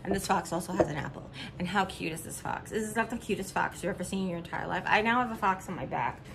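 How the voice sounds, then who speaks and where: A woman's voice: fairly low pitch, fast, gravelly, background noise. Chatty, upbeat woman showing off a haul. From Missouri. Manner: chatty, upbeat and giggly, with rambling asides. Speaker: vlogger. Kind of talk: casual haul vlog chat.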